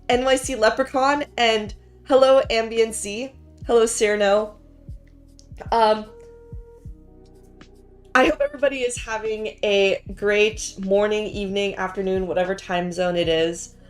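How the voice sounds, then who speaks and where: A woman hosting a casual science stream from home, chatty and giggly, with lots of "um" and "like" as she greets her viewers. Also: mid-range voice. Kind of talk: casual chat. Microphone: home streaming mic.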